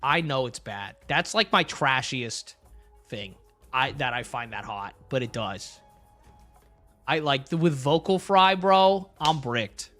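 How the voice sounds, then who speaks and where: A man's voice: medium pitch, animated, takes it slowly, a bit bright, faint music behind. A young man streaming live, chatting casually with his chat in a blunt, crude, rambling way.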